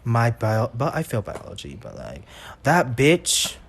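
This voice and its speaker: A young man in casual podcast chat, swearing freely as he spins school stories. He laughs through his own punchlines. His voice sits at an ordinary pitch. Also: huge pitch swings, unhurried, gravelly. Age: young adult. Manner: loose storytelling, heavy cursing, laughing as he goes. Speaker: podcast co-host.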